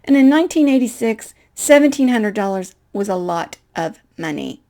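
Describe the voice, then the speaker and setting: A middle-aged woman telling a personal faith story in an animated, self-deprecating way, acting out the dialogue. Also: medium pitch, moderate pace. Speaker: speaker.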